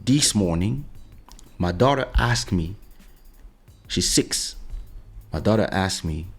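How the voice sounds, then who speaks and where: A man's voice: low-pitched, lively intonation, slow, long pauses, breathy edge, soft background music. A male podcast host in his home office, talking casually and insistently, often repeating "listen" as he tells a personal story. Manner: insistent, keeps saying "listen" to drive points home. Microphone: studio USB mic.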